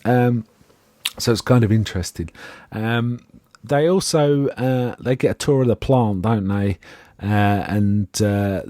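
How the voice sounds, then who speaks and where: A man's voice: fairly low pitch, takes it slowly, dark tone, no echo. Chatty man, dry close sound. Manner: rambling and amused, often trailing off mid-sentence. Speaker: podcast co-host. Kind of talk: casual chat recapping a TV episode.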